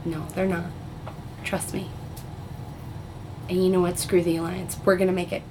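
A woman playing a steady reassuring medic. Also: fairly low pitch, moderate pace, background noise, lightly acted. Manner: firm, reassuring. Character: calm female medic, reassuring.

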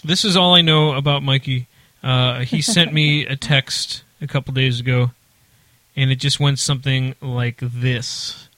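A man's voice: mid-range voice, steady tone, a little slow, pushed and bright, no echo. A man hosting a casual podcast chat, joking around and reading listener chat messages aloud. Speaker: podcast host.

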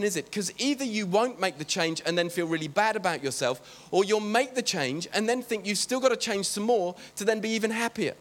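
A man's voice: high voice, a bit bright. A man preaching a sermon in a chatty, joking way, often breaking off to talk to the congregation. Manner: chatty, joking, self-interrupting.

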